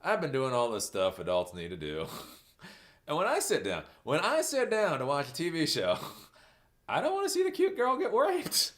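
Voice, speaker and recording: A man streaming a casual rant, laughing often and jumping into loud mocking voices as he answers chat. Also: fairly high pitch, huge pitch swings, normal speed. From New Zealand.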